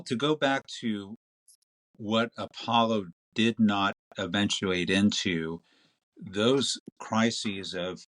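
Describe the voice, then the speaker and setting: A man guest on a podcast interview, explaining in a measured, detailed way. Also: low voice, a bit bright. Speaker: interview guest, space expert. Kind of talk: conversational explanation.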